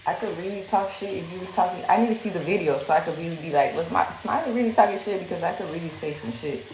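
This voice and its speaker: A woman's voice: lowish voice, steady tone, fast talker, darkish tone, reverberant, a little hiss or hum, rough recording. A woman venting heatedly on a livestream, confrontational and full of fillers, recorded on a phone in a room.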